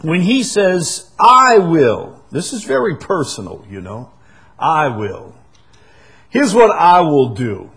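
Husky guy preaching slow, leans hard on repeated lines, loud then soft. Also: fairly high pitch, big pitch swings. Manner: emphatic, repeats key phrases, swings between loud and soft. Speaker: pastor. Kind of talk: sermon.

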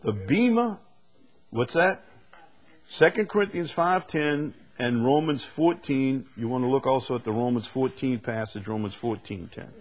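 A man preaching a sermon, reading scripture slowly and building to sudden emphatic rises on key words. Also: medium pitch, lively intonation. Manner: slow deliberate delivery with sudden emphatic rises; reads scripture aloud in slow stretched phrases.

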